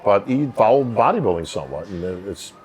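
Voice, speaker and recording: New york guy in his 50s, lowish calm voice, rambling chatty stories. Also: a little fast, a crowd in the background. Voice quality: distinct, calming voice. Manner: rambling storyteller, many "you know" fillers. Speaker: bodybuilding emcee, guest. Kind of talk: casual podcast conversation.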